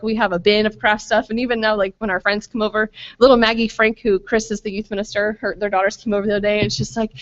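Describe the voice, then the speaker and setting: A woman's voice: on the high side, fairly bright tone. Chatty woman giving a casual retreat talk. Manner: chatty, self-deprecating, lots of fillers. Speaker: retreat speaker. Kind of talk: casual faith talk with stories. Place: school retreat hall. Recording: slightly muffled lo-fi recording.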